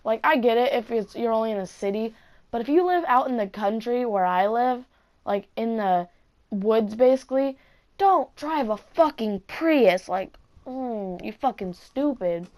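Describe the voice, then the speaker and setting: A woman's voice: a little high, normal speed, a little mellow. A woman vlogger telling a story to camera in a casual, rambling way, swearing constantly. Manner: heavy swearing, rambling asides.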